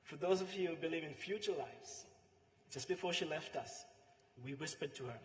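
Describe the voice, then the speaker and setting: A man with a Sri Lankan accent delivering a eulogy, heartfelt and pausing, his voice trailing softly at the ends of phrases. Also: fairly high pitch, slight background noise. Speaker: eulogist, friend and coworker. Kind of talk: eulogy speech with anecdotes. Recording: echoey hall with long reverb.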